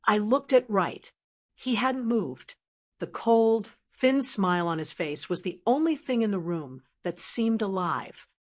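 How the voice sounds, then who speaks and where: A woman narrating a dramatic first-person story in a measured, scripted way. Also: mid-range voice, animated, a little mellow.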